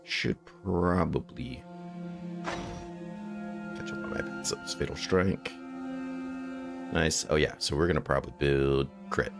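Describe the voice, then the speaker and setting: Very deep gravelly man. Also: slow pace, pauses often, over music. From United States. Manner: rambling, musing aloud between game remarks. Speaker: gaming streamer. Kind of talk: casual gameplay chat with viewers.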